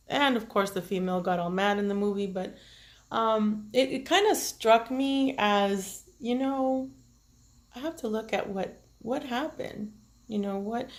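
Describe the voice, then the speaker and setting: A woman with children, speaking to her viewers in an emotional, halting personal monologue as a tarot reader, tearful at times. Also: mid-range voice. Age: adult with children. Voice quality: earnest, halting, with many restarts and fillers. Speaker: tarot reader and self-care vlogger.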